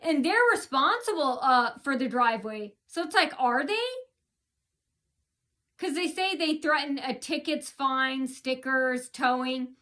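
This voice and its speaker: A woman's voice: high-pitched, a little slow, sharp tone. A woman in a casual complaint vlog, telling her story in an indignant, rambling way with many restarts. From United States. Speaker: vlogger.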